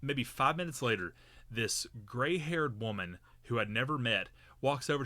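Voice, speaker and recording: A man's voice: mid-range voice, lively intonation, normal speed, bright, forceful tone, no room sound. A man co-hosting a podcast, telling a long story in a rambling, casual way with many fillers and restarts. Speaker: podcast co-host.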